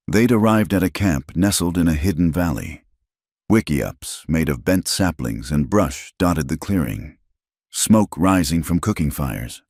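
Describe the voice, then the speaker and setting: A man reading a frontier story as scripted narration in a slow, measured way. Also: extremely low pitch, a little mellow, no room sound, studio quality.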